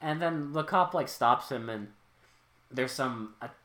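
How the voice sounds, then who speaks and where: A podcast co-host in a casual movie recap chat, excitable and swearing freely with loud exclaims. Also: mid-range voice, unhurried.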